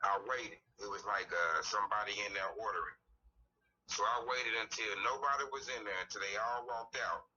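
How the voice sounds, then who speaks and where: Guest, man, 30s, very bright voice, curses freely, distant lo-fi mic with faint hiss. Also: on the low side, fairly quick. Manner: rambling storytelling with frequent cursing. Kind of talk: casual chat.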